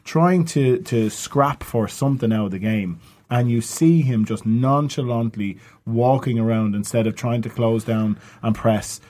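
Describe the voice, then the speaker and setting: A man's voice: medium pitch, unhurried. A man telling stories and giving football opinions in casual, sweary podcast chat, often laughing. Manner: laughing, sweary, animated storytelling.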